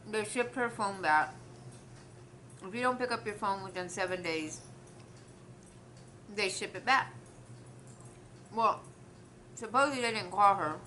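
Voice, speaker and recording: A young woman vlogger chats straight to camera, animated and a little indignant, and she acts out the other people's lines in the story. Her voice is bright and forceful. A faint hum sits behind her. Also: mid-range voice, a little slow, pauses often. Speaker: mukbang vlogger. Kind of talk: casual storytelling to viewers.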